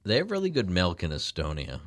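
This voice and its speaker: A man co-hosting a casual podcast, joking around and quick to laugh. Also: low voice, huge pitch swings, no echo. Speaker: podcast co-host. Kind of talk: casual chat.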